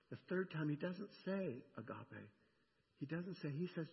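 A middle-aged male pastor preaches in an animated way, dropping from loud emphasis to near-whispers. His fairly high voice has a gravelly edge. The sound is dull and rings in a long church echo. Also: moderate pace. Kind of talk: sermon. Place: church sanctuary. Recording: dull, echoey church recording.

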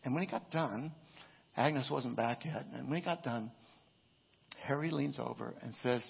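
A male pastor with a gravelly, husky, mid-range voice delivers a sermon at a moderate pace, broken up by long pauses. He tells a story in a rambling, conversational style, often checking in with listeners by asking "right?" The audio is dull and lo-fi, carrying a long echo from a large church hall.

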